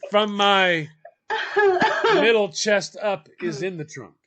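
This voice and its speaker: Animated man telling a funny story. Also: sits high, slow pace, a little hiss or hum. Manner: animated, acts out quoted voices, laughs while telling. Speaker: podcast host. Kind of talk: casual storytelling.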